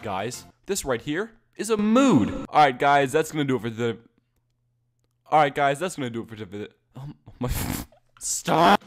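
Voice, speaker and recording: This young man reacts to videos with a dry, jokey wit, and his pitch jumps all over the place. A faint bed of music plays beneath his voice. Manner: wry, jokey, breaks into laughter and exaggerated shouting. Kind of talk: casual reaction commentary.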